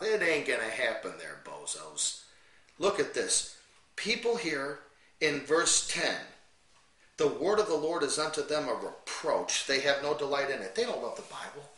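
A man teaching the Bible as a fiery sermon, swinging from quiet intensity to loud, angry preaching and reading scripture slowly with heavy emphasis. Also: mid-range voice, lively intonation, roomy sound, recorded from a distance, low-quality recording.

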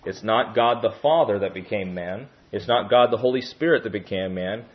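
A man's voice: lowish voice, moderate pace, lo-fi sound. Man preaching a teaching sermon. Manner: teacherly, often checks in with "okay?".

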